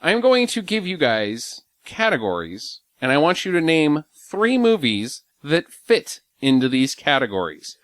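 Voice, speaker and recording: Lively upbeat male podcast host. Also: on the high side, unhurried, few pauses, no room sound. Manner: upbeat, runs the segments and quiz. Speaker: podcast host and quiz master. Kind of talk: casual movie podcast chat.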